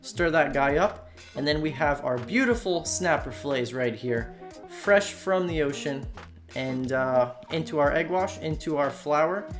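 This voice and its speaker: This Slovak man's higher voice is expressive and unhurried as he speaks over music. As host of a cooking channel, he chats casually with viewers, addressing them as "you guys," in a voiceover recorded separately from the video.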